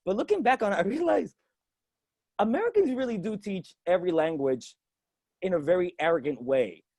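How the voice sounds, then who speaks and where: A young man from the Dominican Republic doing a loose, animated stand-up set from his home balcony, acting out quoted voices. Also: high-pitched, fairly quick, dry recording. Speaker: stand-up comic. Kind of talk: stand-up set on a video stream.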